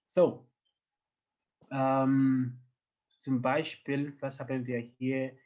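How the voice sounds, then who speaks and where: A man leads an online German class, explaining things in English and slipping German phrases in. He speaks slowly and patiently, with a joking edge. The audio is dull and lo-fi. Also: medium pitch, level tone, a little mellow. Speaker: German teacher.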